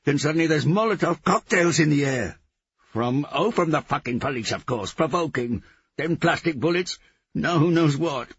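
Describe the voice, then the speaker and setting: A man's voice: animated, moderate pace, husky, no room sound, muffled recording, heavily acted. Man voicing a shrieking frantic woman. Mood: furious. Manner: shrill, screaming outbursts. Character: frantic shouting woman, furious and panicked.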